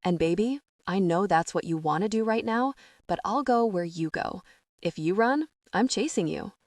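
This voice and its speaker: A woman reading an audiobook, voicing a tender, devoted young man who speaks softly and earnestly. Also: medium pitch, expressive, moderate pace, no room sound, studio quality, natural voice. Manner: soft, hushed and earnest. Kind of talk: audiobook narration.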